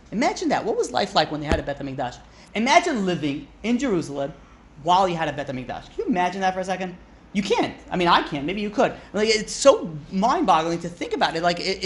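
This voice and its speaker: A man, a rabbi, giving an informal Torah class, chatty and often interrupting himself to joke with the room. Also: high-pitched. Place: classroom with a live audience.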